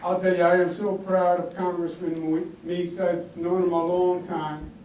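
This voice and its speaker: A man's voice: sits high, flat delivery, a little slow. An older man from Queens with a Queens accent, giving a folksy, emphatic campaign speech and repeating lines for effect. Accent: Queens, New York. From Queens, New York. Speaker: political candidate. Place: echoey indoor office hall. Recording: echoey, distant room recording with faint noise.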